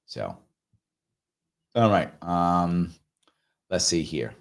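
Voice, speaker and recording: A man runs a live ask-me-anything stream, taking viewer comments one by one. His pitch swoops up and down as he stresses points, and he repeats key phrases for emphasis. He also slips into mocking impressions of the people he argues against. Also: animated, drawn-out words, gravelly. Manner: does mocking voices of opponents.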